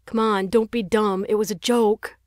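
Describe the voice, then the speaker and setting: A woman's voice: medium pitch, steady tone, moderate pace, darkish tone, no echo, clean studio sound, pitched above the performer's own voice, close to an everyday voice. A woman voicing a mocking teenage boy who sneers and teases, in an audiobook. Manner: sneering, teasing.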